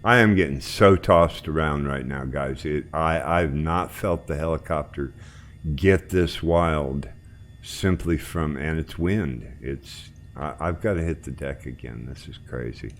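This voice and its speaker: A man with an extremely deep voice hosts a casual live stream. He chats loosely while reading out chat messages and juggling several tasks at once. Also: a little slow. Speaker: stream host flying a helicopter simulator.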